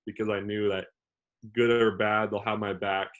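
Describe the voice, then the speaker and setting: A young man in his twenties talks through his answers at length. His voice sits on the lower side, and he strings thoughts together casually with "like" every few words. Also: little pitch movement, normal speed, a bit bright, muffled recording. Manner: rambling, heavy use of "like" as filler. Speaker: relief pitcher, interview guest. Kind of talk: casual interview talk.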